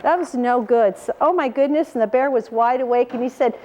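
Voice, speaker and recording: Woman storyteller, high pitched, animated read-aloud for children with questions. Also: brisk, few pauses, dull audio. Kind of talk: reading a picture book aloud to children.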